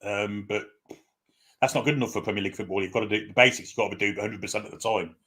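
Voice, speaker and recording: A man co-hosting a casual live stream, talking quickly and opinionatedly and often asking for agreement. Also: lowish voice, steady tone, sharp tone, breathy edge. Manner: rapid, opinionated, asks for agreement. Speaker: co-host.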